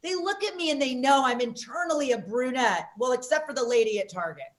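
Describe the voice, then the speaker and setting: A woman from Las Vegas hosting a comedy show, doing loud, rambling, self-mocking stand-up. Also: sits high, lively intonation, a little fast.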